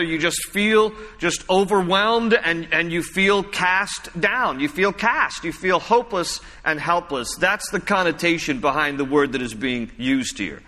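A man's voice: high voice, pushed and bright, big-room sound. A man preaching a sermon as a pastor, conversational and repeating phrases for emphasis.

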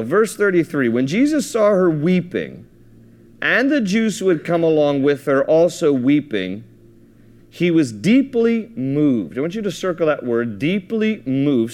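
A man's voice: on the high side, darkish tone. A man preaching a sermon, reading scripture aloud and explaining it in a casual, thinking-aloud way with frequent restarts. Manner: reads scripture aloud, then explains it conversationally; repeats and restarts words while thinking aloud. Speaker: pastor.

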